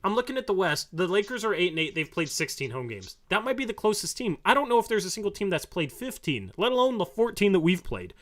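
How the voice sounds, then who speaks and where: A man hosting a casual postgame chat, rambling and laughing often, his voice sometimes dropping soft and quiet. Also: high voice, sing-song, quick pace, hardly any pauses. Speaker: podcast host.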